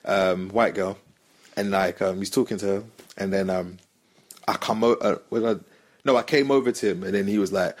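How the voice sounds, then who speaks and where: A man's voice: on the low side, big pitch swings, moderate pace, a bit bright. A young man telling a story on a podcast, acting out the voices of the people in it. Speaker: podcast host. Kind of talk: casual storytelling chat.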